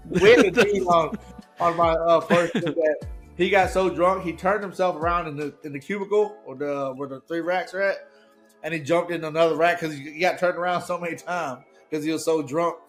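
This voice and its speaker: A man's voice: a little high, moderate pace, soft background music. A young man in casual podcast chat, telling profane anecdotes and laughing often. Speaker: podcast guest.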